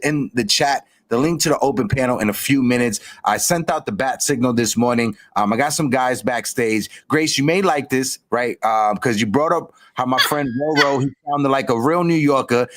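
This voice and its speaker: A man hosting a casual live-stream sports chat, giving shout-outs, repeating himself and greeting guests. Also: medium pitch. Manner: hypes people up, shout-outs, repeats phrases. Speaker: host.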